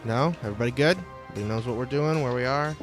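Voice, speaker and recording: A man's voice: medium pitch, rapid-fire, faint music behind. A man running a tabletop role-playing game as game master, talking casually with frequent filler sounds and some swearing.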